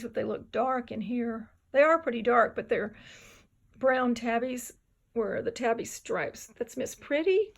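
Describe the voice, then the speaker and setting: A woman's voice: on the high side, vocal fry, slightly rough. A tired woman, just up from a nap, rambling chattily at home in a casual vlog. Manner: rambling, chatty, drifts between topics. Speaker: vlogger. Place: home, indoors.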